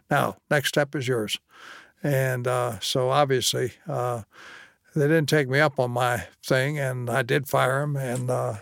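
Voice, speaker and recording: A man's voice: medium pitch, creaky, no echo, clean studio sound. An older man from Kentucky, a former state official, telling plainspoken stories from his career in an interview. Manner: plainspoken anecdotal storyteller, quotes others. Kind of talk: storytelling interview.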